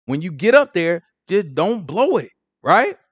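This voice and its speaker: A man's voice: sits high, big pitch swings, a little slow, husky, no room sound. A man leading a casual Bible study, retelling scripture in slang and acting out the characters' lines. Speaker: Bible teacher.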